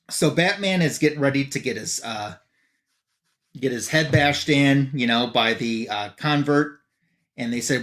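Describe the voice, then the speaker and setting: A man's voice: mid-range voice, moderate pace. A man hosting a live comic book show, casually retelling a comic's story and loosely reading out the characters' lines, with fillers like "um" and "you know". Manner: relaxed, loosely reads out character dialogue with fillers. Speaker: comic book podcast host. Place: live stream.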